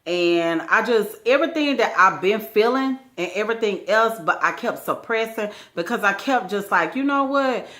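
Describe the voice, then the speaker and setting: A woman's voice: mid-range voice, normal speed, few pauses. A woman vlogger telling a personal story in a casual, slangy way, often quoting the people involved. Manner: animated, slangy retelling with acted quotes.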